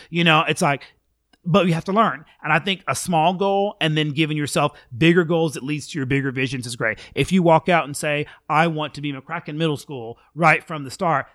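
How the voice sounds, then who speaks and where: Middle-aged band director, chatty and animated, raised pitch, dry close sound. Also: male voice, no room sound. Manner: chatty and animated, many fillers. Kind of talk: casual interview chat.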